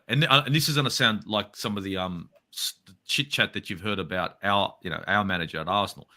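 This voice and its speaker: Ranting Australian man, bright tone. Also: on the low side. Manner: heated, swears a lot, rants. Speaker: football fan guest. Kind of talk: casual interview.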